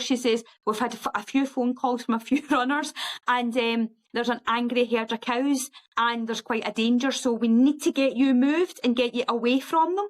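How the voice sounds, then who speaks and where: A middle-aged woman, a guest on a podcast, telling a story in a lively, animated way and acting out other people's voices. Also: moderate pace, rough recording. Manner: lively, acts out quoted voices in a high sing-song. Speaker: guest ultra runner.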